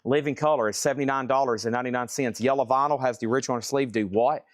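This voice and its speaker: Excitable man calling out record prices. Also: mid-range voice, dry recording, studio quality. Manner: excitable, calls out titles and prices in quick bursts; frequent exclamations of surprise. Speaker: record seller running a live auction. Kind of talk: live online sales stream.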